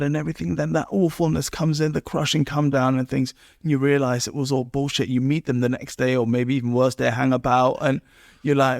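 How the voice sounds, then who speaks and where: A man's voice: mid-range voice, fairly even intonation, moderate pace, no room sound, studio quality. A man hosting a podcast, chatting casually and animatedly with his guest. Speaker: podcast host. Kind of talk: casual interview chat.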